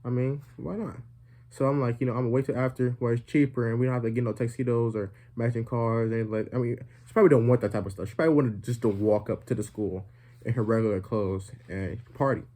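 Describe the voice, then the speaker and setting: A young vlogger with a dark, mellow, mid-range voice talks fast through a comedic storytime for his viewers. He rambles, stacks up fillers and drops deadpan jokes along the way.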